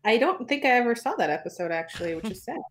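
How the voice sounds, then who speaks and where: A woman's voice: on the high side, sing-song, fast. A young woman joining a casual chat, hesitant and giggly, with restarts.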